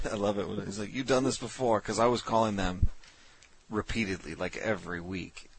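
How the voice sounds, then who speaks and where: A man hosting a radio prank show, chatting casually and playing it deadpan on calls. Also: deep voice, normal speed, vocal fry, husky. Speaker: prank caller and radio host.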